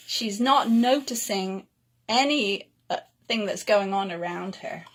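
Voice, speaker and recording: A woman reading a picture book aloud to children, gentle and expressive. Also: medium pitch. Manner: gentle, lilting, slow and expressive. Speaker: storyteller.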